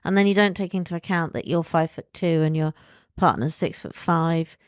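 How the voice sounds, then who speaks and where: A woman's voice: lowish voice, fairly quick, smooth, dry recording, studio quality. Frank chatty woman co-host. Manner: frank, chatty, gives sensible advice. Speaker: podcast co-host. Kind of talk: casual chat.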